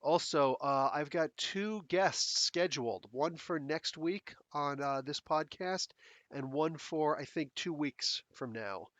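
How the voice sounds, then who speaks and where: A man's voice: on the high side, slow, a bit bright, dry recording. A man hosting his own podcast in casual chat, rambling and blunt with a sarcastic edge. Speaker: podcast host. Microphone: close desk mic.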